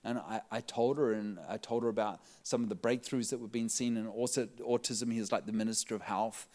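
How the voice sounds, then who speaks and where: A man preaching a sermon, telling a story to his audience in an animated way, laughing often and raising his voice as he gets excited. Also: fairly low pitch, brisk.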